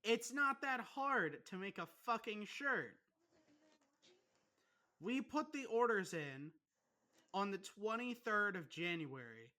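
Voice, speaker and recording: Young man, bright voice, casual podcast rant, heavy swearing, animated. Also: high-pitched. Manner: swears constantly, ranting, animated. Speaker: podcast co-host.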